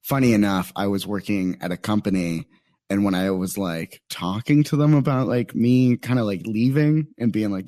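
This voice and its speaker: A man's voice: on the low side, moderate pace, warm tone, dry recording, studio quality. A young adult man from Phoenix, a stand-up comedian telling a story in casual chat, rambling with many fillers. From Phoenix, Arizona. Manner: rambling, lots of "like" fillers and quoted asides.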